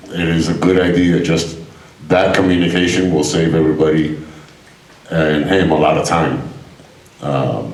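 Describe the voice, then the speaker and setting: Male contractor panelist, very low voice, distant roomy sound. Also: darkish tone. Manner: plain, practical advice. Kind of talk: panel presentation. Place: meeting hall. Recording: echoey hall, voice from far off.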